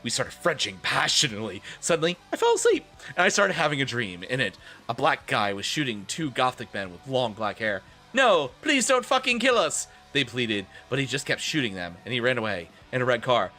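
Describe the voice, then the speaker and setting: A man's voice: mid-range voice, big pitch swings, a little fast, bright, forceful tone. A man streaming a comedic dramatic reading, with sarcastic, swearing, laughing asides. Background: faint rock music.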